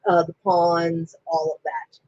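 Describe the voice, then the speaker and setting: A woman co-hosting a casual fan chat, an animated storyteller who acts out the lines she quotes. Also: fairly low pitch, takes it slowly, no room sound. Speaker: podcast co-host. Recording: dry, slightly muffled lo-fi audio.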